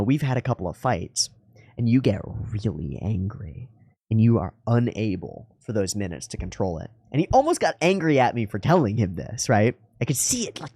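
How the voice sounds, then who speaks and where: A man's voice: lowish voice, warm tone, no echo, clean studio sound. A man hosting an anime reaction video, thinking aloud in earnest, musing commentary with frequent restarts. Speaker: anime reaction channel host. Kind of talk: reflective commentary.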